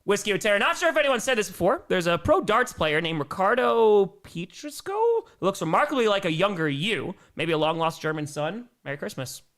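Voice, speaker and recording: Animated, bright-voiced male sports streamer. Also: high voice, a little fast, few pauses. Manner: energetic, cheering, jokey. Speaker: sports streamer reading donations. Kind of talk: live stream chat.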